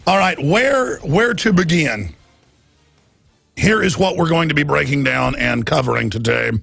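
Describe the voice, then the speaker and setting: A man hosting a radio talk show, ranting in a heated monologue and often shouting as his pitch climbs. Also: creaky, slightly rough, dry recording, clean studio sound. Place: radio studio.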